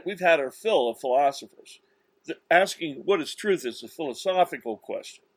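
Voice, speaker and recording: Slow, emphatic man preaching alone. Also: mid-range voice, no echo. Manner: slow, emphatic, insistent, with many restarts. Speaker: religious commentator. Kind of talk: self-recorded religious monologue.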